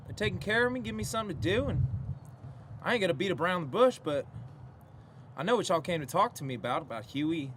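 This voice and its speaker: Brief: man doing an emotional drifter, slightly high voice, noisy outdoor background. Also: lively intonation, quick pace, long pauses, fairly bright tone. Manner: rambling, emotional outbursts. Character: washed-up former musician, emotional drifter.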